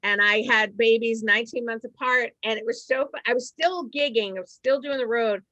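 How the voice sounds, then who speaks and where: A middle-aged woman comedian from Massachusetts tells long, rambling stories full of quick asides. Her voice sits a little high and sounds bright and forceful. The recording is dry and slightly dull. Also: no echo. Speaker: stand-up comedian guest. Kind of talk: casual storytelling chat.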